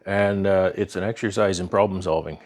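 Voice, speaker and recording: A man's voice: deep voice, fairly even intonation, fairly quick, darkish tone, no room sound, studio quality. A man with a Canadian accent hosting a beekeeping vlog, talking in an easygoing, rambling way with lots of fillers and restarts. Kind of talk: casual show-and-tell narration.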